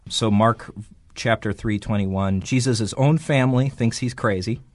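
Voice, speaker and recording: Brief: male podcast host, low voice, measured and lecturing, dry close sound. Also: no room sound. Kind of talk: explanatory podcast discussion.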